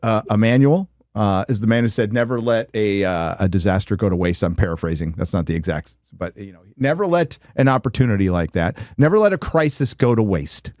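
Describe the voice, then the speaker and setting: A man's voice: fairly low pitch, brisk, hardly any pauses, darkish tone, no echo, studio quality. Sarcastic joking man hosting a stream. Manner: joking, sarcastic, laughs often. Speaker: livestream show host. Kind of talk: casual reaction chat.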